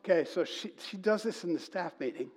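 A man preaching to a congregation, telling a story in an animated way and reading quoted lines in a slow sing-song. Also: sits high, slightly rough. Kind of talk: sermon.

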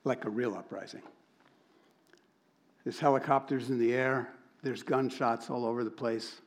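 Animated storytelling preacher, a man. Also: medium pitch, moderate pace. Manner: animated storyteller, acts out quoted voices. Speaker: pastor. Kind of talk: sermon storytelling.

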